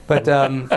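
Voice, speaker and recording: A man's voice: sits high, a bit bright. A man from Brooklyn, a guest entertainer chatting on a talk show, laughing often and stumbling over his words. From Brooklyn, New York. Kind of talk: casual talk show chat, telling a joke.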